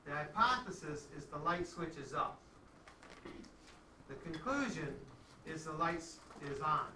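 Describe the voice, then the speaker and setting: In a math classroom lecture, a man with a slightly high voice speaks at a measured pace, sounding bright, forceful and expressive. He keeps it conversational and often checks on his students; the distant, echoey recording has slight background noise.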